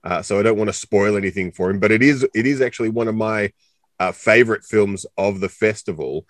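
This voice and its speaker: A man's voice: on the low side, brisk, no room sound. A man with an Australian accent co-hosting a casual interview, chatty and joking, rambling with lots of fillers. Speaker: co-host interviewer.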